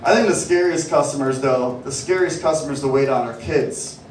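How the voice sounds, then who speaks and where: A man doing a stand-up comedy set, telling stories in a deadpan, sardonic way from a club stage. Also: mid-range voice, a little fast, some chatter behind. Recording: echoey club, distant mic, noisy.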